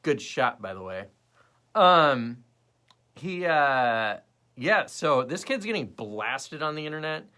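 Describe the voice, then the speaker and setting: A man's voice: mid-range voice, sing-song, slow pace, pushed and bright. A young man hosting his own show, ranting sarcastically about politics and the news in a casual way. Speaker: host.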